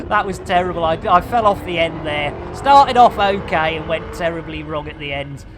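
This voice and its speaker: An English woman live-streams a game in a low-sitting voice at a moderate pace, with background noise behind her. She chats with viewers and reads the chat aloud, full of cheeky, sweary banter and rhyming slang. It's casual live-stream commentary.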